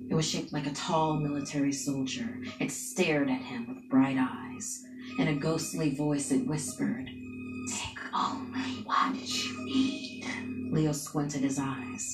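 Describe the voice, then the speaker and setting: A woman narrating a scary story in a hushed, dramatic way, with music playing behind her. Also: low voice. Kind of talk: scripted spooky story narration. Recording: echoey room with music behind. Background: background music.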